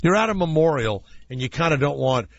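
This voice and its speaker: A male radio talk show host telling comic stories in an animated, rambling, self-mocking way from a studio. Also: on the high side, fairly quick, no echo, muffled recording. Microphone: studio microphone.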